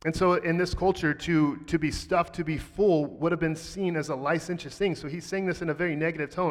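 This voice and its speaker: A man delivers a sermon in an easy, conversational style, with a playful, sarcastic streak. His voice sits fairly high. It carries a long reverb from a large hall. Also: steady tone, brisk, few pauses. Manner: conversational, playful sarcasm, reads scripture aloud. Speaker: pastor.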